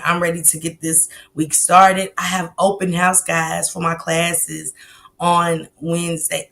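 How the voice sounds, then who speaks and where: Speaking into her computer mic on a laid-back livestream, this host greets viewers from chat by name as she goes. Her voice is on the low side, gravelly and a bit bright. The talk is relaxed and conversational, sprinkled with fillers and asides.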